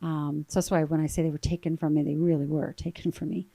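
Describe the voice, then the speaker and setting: A woman in her thirties, a guest telling an emotional personal story in an earnest, halting way with repeated words. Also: sits low, flat delivery, creaky, mellow, no echo.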